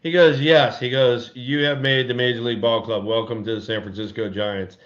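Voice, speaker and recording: An older former ballplayer telling stories in casual podcast chat, animated and acting out quotes in a raised voice. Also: male voice, medium pitch, fairly quick. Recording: dull lo-fi audio.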